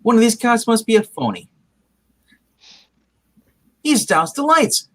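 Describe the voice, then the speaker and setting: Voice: mid-range voice, sing-song, a little slow, fairly bright tone, dry recording, poor audio. A reader voicing a cocky young male superhero in a casual comic read-aloud, with stumbles. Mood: determined. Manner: reads with stumbles and laughs.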